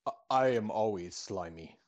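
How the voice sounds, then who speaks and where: A man's voice: lowish voice, normal speed, lightly acted. A man improvising a slimy alien crewman. He stammers and stays awkwardly polite. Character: slimy alien crewman who reads crew mail. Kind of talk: improvised sci-fi role-play.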